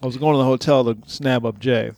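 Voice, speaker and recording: A man telling a funny story in casual chat, laughing often and mimicking other people in a high voice. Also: fairly even intonation, fast talker, vocal fry, darkish tone, no room sound, studio quality.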